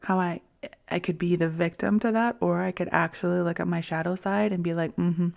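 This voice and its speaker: Soft-spoken gravelly woman in her forties. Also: lowish voice, fairly even intonation, fairly quick. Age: 40s. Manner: soft, intimate, often drops to a whisper; gentle, self-soothing. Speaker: podcast host. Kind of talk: reflective personal monologue.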